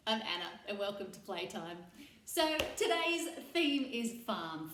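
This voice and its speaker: A woman's voice: on the high side, a bit bright. A woman hosting a children's playtime session, leading stretches and farm animal sounds in a playful, sing-song way. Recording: roomy echo.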